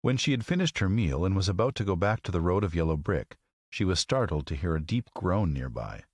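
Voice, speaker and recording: A man narrating a classic children's story as an audiobook, with an expressive, measured reading. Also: low voice, no room sound.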